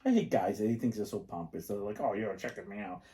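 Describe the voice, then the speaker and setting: A man's voice: fairly low pitch, animated, fast, dark tone. A middle-aged man co-hosting a podcast, chatting casually and rambling through his stories with lots of fillers. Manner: rambling, filler-heavy storytelling. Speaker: podcast co-host. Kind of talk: casual chat.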